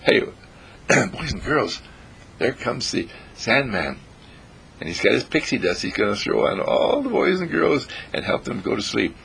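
A man with a gravelly, husky voice narrating a bedtime story softly and soothingly to children. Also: lowish voice, very animated, moderate pace, a little hiss or hum. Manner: soft, soothing, addressing children.

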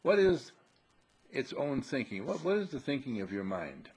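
A man's voice: medium pitch, big pitch swings, moderate pace, darkish tone, breathy edge. A man giving a conversational spiritual talk, repeating himself and asking rhetorical questions. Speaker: spiritual speaker.

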